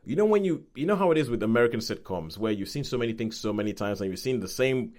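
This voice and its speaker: A man's voice: medium pitch, expressive, fast talker, darkish tone. A man hosting a podcast, chatting casually and rambling through a review, correcting himself as he goes. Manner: rambling, self-correcting, acts out quoted voices. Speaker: podcast host.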